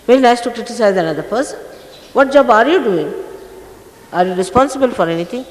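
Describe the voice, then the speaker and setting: A woman spiritual teacher with a fairly low, very animated voice speaks fairly quickly, sternly scolding her followers with emphasis. This echoey archive recording comes from a large hall and has faint noise.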